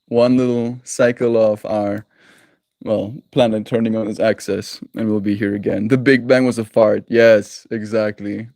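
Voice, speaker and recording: A dry recording captures this Canadian man's lowish, dark voice with vocal fry, spoken unhurriedly in a level tone. On his daily livestream he chats affectionately and rambles with viewers, giggling and using silly invented words.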